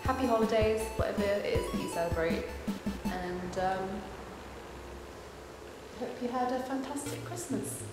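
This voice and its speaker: Young woman, lively, casual vlog chat, echoey room, music behind. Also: medium pitch, unhurried. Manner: lively storyteller, reads questions aloud. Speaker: cosplay vlogger.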